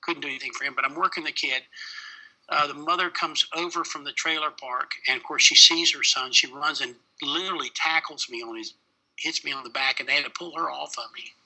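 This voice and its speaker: A man's voice: fairly high pitch, fairly even intonation, brisk, pushed and bright, poor audio. A middle-aged man, a paramedic, telling a personal story in an interview, plain-spoken with many fillers.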